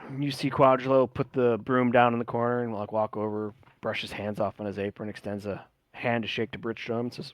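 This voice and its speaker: A man's voice: mid-range voice, little pitch movement, a little fast, hardly any pauses, no echo. A man narrating a tabletop game as game master, casual with frequent fillers.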